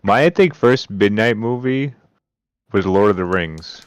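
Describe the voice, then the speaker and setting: A man's voice: on the low side, expressive, a little slow, dry recording. A man chatting casually with friends, reading out chat messages in a laid-back way.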